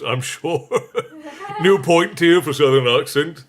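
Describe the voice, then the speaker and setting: A man's voice: a little high, slow pace. A man hosting a casual livestream who laughs often and reads out viewer messages. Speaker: livestream host.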